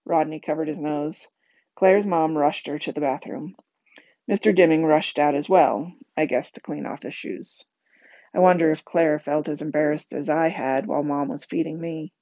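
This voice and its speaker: A woman reading a novel aloud in a calm, even voice and giving the characters quiet voices. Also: deep voice, moderate pace, no echo. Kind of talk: storybook reading. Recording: dull, lo-fi home recording.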